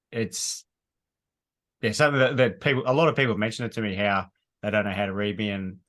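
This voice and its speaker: An Australian man in his thirties with a low voice, speaking as a podcast guest. He talks casually, searching for words and filling pauses. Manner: even, hesitant, many fillers. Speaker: guest, landscaper.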